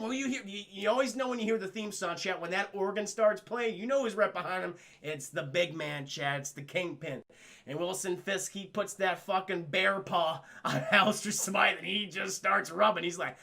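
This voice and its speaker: A man's voice: high voice, moderate pace, gravelly, bright, forceful tone. A man casually recapping a cartoon episode for his live chat, rambling, swearing and addressing the chat again and again. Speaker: livestream cartoon reviewer.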